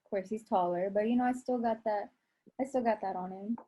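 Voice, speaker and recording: A young adult woman, a niece guesting on a family podcast, chatting casually with quick reactions and laughter. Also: medium pitch, dark tone.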